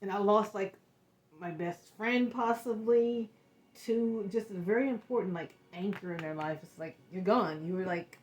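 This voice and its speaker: A woman giving an emotional tarot reading, talking in halting, searching bursts with repeated words. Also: mid-range voice, a little mellow. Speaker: tarot reader. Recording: echoey room.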